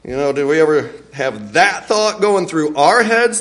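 Animated high-pitched man teaching Bible. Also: unhurried. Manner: animated, acts out scripture, laughs often. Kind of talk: Bible lesson.

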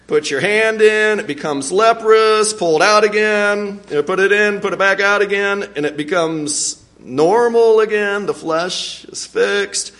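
A man teaching a Bible lesson in an animated way, acting out scripture and laughing often. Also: high voice.

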